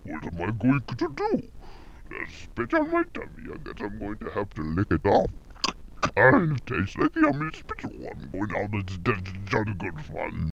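A man doing a crude, mocking fake British troublemaker with a gravelly, low voice that swoops around a lot. The recording is dull and lo-fi, with a faint hiss behind it. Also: huge pitch swings, moderate pace, full character voice. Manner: silly, crude, shifting voices.

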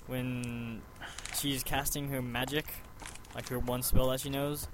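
A man's voice: medium pitch, little pitch movement, takes it slowly, noisy background. A man hosting a podcast, chatting casually and rambling animatedly about a book. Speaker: podcast host. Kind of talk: casual chat.

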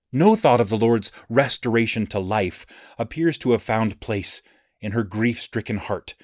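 Man, narrator, solemn, reverent, measured, mid pitch, dry recording. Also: no room sound. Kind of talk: scripted scripture-story reading.

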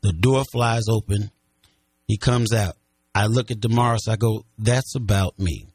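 A man's voice: fairly low pitch, fairly even intonation, moderate pace, darkish tone, no room sound. Man telling a story vividly, dry sound. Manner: vivid storyteller who acts out what others said. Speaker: interviewee. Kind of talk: personal account in an interview.

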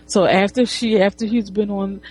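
A woman's voice: mid-range voice, steady tone, moderate pace, a little mellow. A woman casually retelling a comic book, rambling with restarts and swearing. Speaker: comic reviewer.

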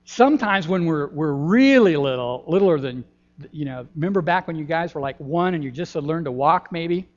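An older man, a pastor giving a gentle, folksy children's sermon in a church, pausing often with ums. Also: a little high, lively intonation. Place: church sanctuary. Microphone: handheld microphone. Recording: dull lo-fi church recording.

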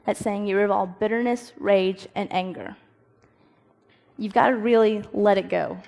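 A young woman gives a casual devotional talk to a youth group. She is animated, acts out quoted voices, and laughs at herself. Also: mid-range voice, normal speed, vocal fry.

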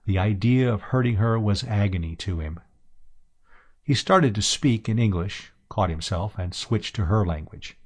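A man narrating a science fiction audiobook in a steady, even reading voice. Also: on the low side, normal speed, slightly rough. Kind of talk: scripted narration.

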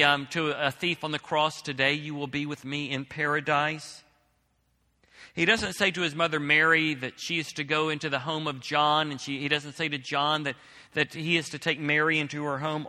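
Bright-voiced male pastor in a reverberant hall. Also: on the high side, steady tone, moderate pace. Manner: reads scripture aloud, then explains it with emphasis. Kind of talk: sermon.

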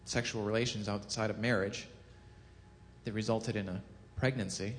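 A man giving a casual sermon, telling a scripture story with lively acted-out quotes and frequent self-corrections. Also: normal speed, a little hiss or hum. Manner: animated storytelling, acts out quotes with rising pitch and volume; self-corrects, chuckles at own jokes. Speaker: preacher. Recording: long hall reverb.

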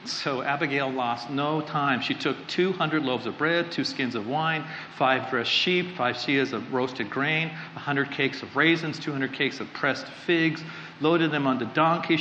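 A man's voice: medium pitch, moderate pace, pushed and bright, slight background noise. A man preaching a sermon to a live audience, talking casually with joking asides and frequent restarts. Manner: conversational, rambling, self-interrupting. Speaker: pastor. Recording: echoey hall, slightly dull sound.

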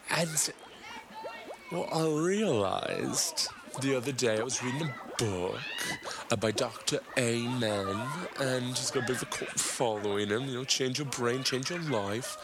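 Gravelly man rambling over loud noise. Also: lively intonation, unhurried. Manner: rambling, puts on high silly voices for quotes. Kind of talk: comedic monologue.

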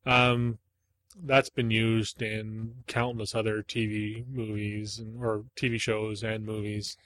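A man co-hosting a casual movie-review chat, telling scenes with quick asides and loose swearing. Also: lowish voice, flat delivery, fairly bright tone, no room sound. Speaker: podcast co-host.

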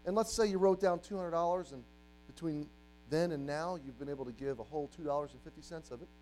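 A man in his forties preaching a sermon as a youth pastor, animated, acting out the voices of doubters and the devil. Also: on the high side, fast talker, soft background music, poor audio.

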